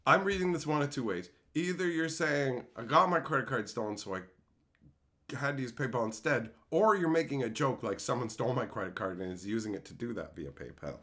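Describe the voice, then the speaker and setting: Animated, blunt streamer man. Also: medium pitch. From Canada. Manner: animated, blunt, swears freely, loud outbursts. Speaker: streamer host. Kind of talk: casual livestream chat.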